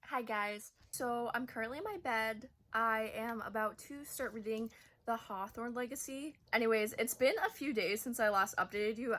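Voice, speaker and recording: Bright-sounding woman rambling about books from bed, lots of likes and fillers. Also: a little high. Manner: chatty, gushing, filler-heavy. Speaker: book vlogger. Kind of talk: casual reading vlog chat. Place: bedroom, in bed.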